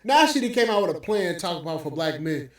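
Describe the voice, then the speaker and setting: Fast and high-voiced, with big swings in pitch, a male podcast host rants scornfully and profanely. The room is very echoey and the microphone is at a distance.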